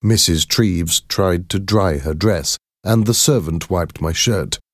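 A man reading a first-person story aloud in a slow, measured, clear way. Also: low voice, no room sound, studio quality. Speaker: narrator.

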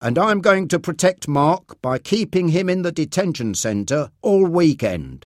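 A man's voice: on the high side, sing-song, unhurried, no echo, studio quality, pitched above the performer's own voice. A man voicing a stern, protective male judge in a storybook reading, speaking firmly and with authority. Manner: firm, commanding.

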